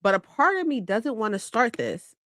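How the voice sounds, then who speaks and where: A woman's voice: a little high, very animated, normal speed, a bit bright, no room sound, clean studio sound. A woman hosting a casual live stream, chatty and bubbly, greeting viewers and laughing often.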